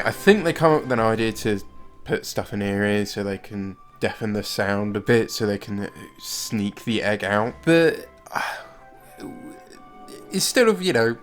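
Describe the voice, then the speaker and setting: A man's voice: mid-range voice, expressive, moderate pace. A man from Britain hosting a casual review, narrating the plot with wry, laughing asides. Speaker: host narrating a show review. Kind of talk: casual commentary. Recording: faint music under the voice.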